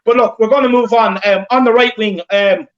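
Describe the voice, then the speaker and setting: A man's voice: sits high, fairly even intonation, brisk. A man with an Irish accent hosting a casual fan podcast, rambling with lots of fillers and enthusiasm. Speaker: podcast host. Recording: roomy lo-fi call with faint noise.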